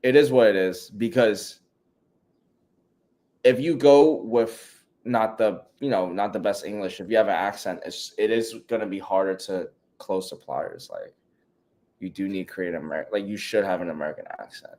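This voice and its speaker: A man's voice: lowish voice, moderate pace, dark tone. A man co-hosting a podcast, talking bluntly and casually with lots of fillers. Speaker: podcast co-host. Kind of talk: casual chat.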